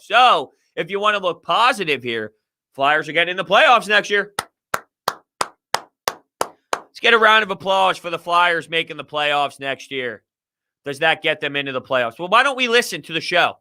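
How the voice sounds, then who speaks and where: A male sports talk host riffs on viewer questions with fired-up, opinionated energy. His voice sits high for a man and comes across piercingly bright. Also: moderate pace, long pauses. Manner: animated, opinionated ranting. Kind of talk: live-stream sports talk.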